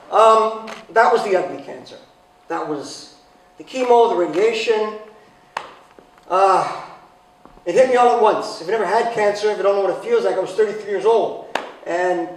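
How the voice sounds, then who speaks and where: A man with a fairly high voice tells a funny personal story from a stage, dry and sarcastic, and now and then he bursts out loud and excited. He is heard from a distance in a very echoey hall, with faint noise behind him. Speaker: speaker giving a talk. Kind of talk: humorous personal talk.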